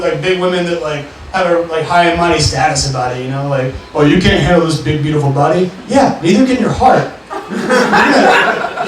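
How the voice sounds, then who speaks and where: A young man from the Mississippi Gulf Coast performing a casual, profane stand-up set full of fillers, in a bar with a live audience. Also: high voice. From Mississippi Gulf Coast, USA. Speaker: stand-up comedian. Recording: echoey, distant, noisy live bar recording. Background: room ambience and crowd noise.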